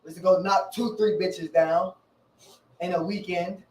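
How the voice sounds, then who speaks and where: A man co-hosting a podcast, talking in a reflective, halting way with some profanity in casual chat. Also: sits high, steady tone, a little mellow, echoey room, recorded from a distance, poor audio. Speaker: podcast co-host.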